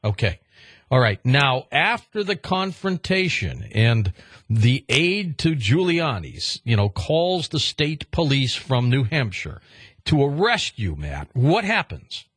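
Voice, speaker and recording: A man's voice: mid-range voice, sing-song, takes it slowly, a bit bright, husky, dry recording. A man hosting a talk radio interview, pressing his guests with probing questions. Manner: probing, repeats himself to stress points. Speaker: radio host.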